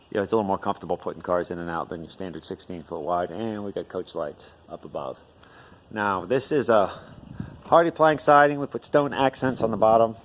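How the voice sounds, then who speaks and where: A man who builds homes, narrating a walking tour of a new house in a casual, explanatory way, with frequent filler words. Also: low voice. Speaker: home builder. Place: at a newly built house, outside then indoors.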